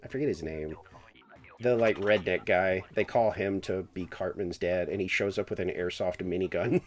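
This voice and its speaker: A man's voice: deep voice, moderate pace. A man streaming a game, chatting in a rambling way with lots of fillers and laughs. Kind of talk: casual chat while gaming.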